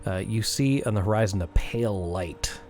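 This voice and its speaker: A young man narrating as game master in a tabletop game, relaxed and hesitant, laughing often. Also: on the low side, moderate pace, a little hiss or hum.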